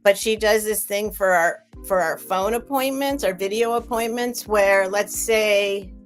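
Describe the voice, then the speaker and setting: A woman's voice: medium pitch, unhurried, faint music behind. A woman hosting a live sale stream, rambling in a chatty way and gushing thanks at her viewers.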